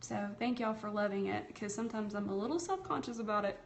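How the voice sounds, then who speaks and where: Her mid-range voice is creaky and fast, with a little hiss or hum in the background of her tablet stream. She's a Southern-accented Tennessee woman running a casual live craft tutorial, friendly and talkative, addressing viewers as y'all while she keeps working.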